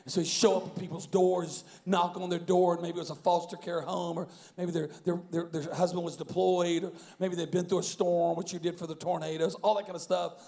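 A male pastor preaching a sermon, telling a story animatedly, with bursts of shouting and frequent restarts. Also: sits high, flat delivery, brisk, few pauses. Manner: many repeated words and restarts.

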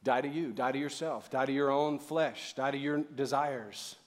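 A middle-aged male pastor preaching a sermon in a lively, conversational way, calling on the audience to respond. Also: mid-range voice, moderate pace. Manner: casual, conversational asides.

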